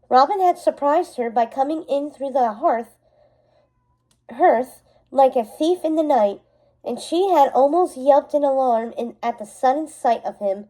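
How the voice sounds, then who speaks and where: A woman reading a novel aloud chapter by chapter, in steady narration that sometimes slips and corrects itself. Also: high-pitched, low-quality recording. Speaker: storybook reader.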